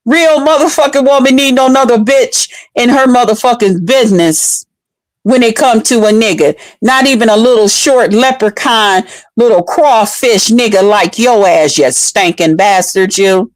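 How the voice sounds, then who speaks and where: A woman's voice: on the high side, animated, moderate pace, no echo. A woman on a live stream delivering a heated, profane, mocking rant.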